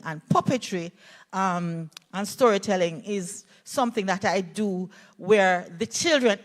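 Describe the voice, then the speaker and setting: Animated Jamaican woman giving a workshop. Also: mid-range voice. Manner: animated storyteller, checks in with the audience. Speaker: play therapist presenting a workshop. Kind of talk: conference workshop talk.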